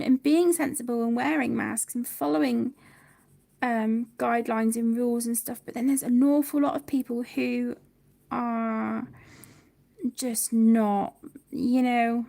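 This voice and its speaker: A woman's voice: a little high, measured pace, vocal fry, mellow. A woman in her thirties hosting a casual colouring livestream, chatting and reading viewer comments aloud.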